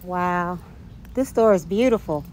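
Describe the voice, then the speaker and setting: A woman's voice: on the low side, unhurried, darkish tone, slight background noise. A woman vlogging a walk through a large store, talking to her viewers in a gushing, exclamatory way while someone else holds the camera. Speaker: vlogger and product owner. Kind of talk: casual store walkthrough vlog. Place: large retail store, indoors. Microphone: camera held by another person.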